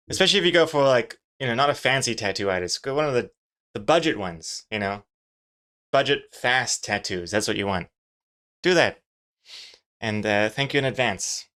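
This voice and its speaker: Here a webcomic artist chats casually on a live stream as he draws, his medium-pitched voice lively in intonation, pushed and bright, at a moderate pace. He rambles, jokes, and leans on lots of fillers.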